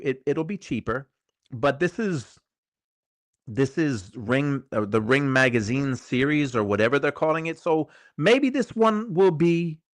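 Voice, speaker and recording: A man's voice: mid-range voice, fairly bright tone, no room sound, clean studio sound. A middle-aged man hosting a casual live stream, chatting loosely, reading viewer comments aloud and often repeating his phrases. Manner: rambling, conversational, repeats phrases. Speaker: show host.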